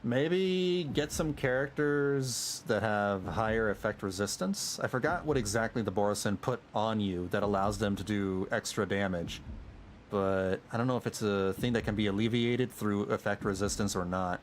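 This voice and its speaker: Over game music, a man offers casual livestream commentary on his game, musing and chatting while chuckling at himself. His voice is lowish at normal speed, with a little hiss or hum in the recording.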